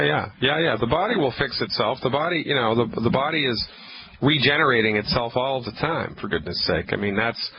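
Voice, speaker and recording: A man hosting a call-in radio advice show, talking emphatically and repeating his points for callers. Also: medium pitch. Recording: dull radio broadcast audio with faint noise.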